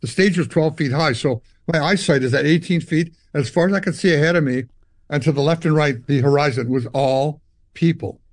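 An older Canadian musician, a guest on an interview, speaks in a fairly high voice at a fairly quick pace, with no room sound. He tells long stories, animatedly acting out dialogue and guitar sounds.

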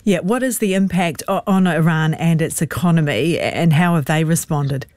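A woman co-hosting live radio, chatty and relaxed with her colleague. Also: low-pitched, dry recording, clean studio sound. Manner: chatty, quick to laugh with her co-host. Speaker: radio co-host.

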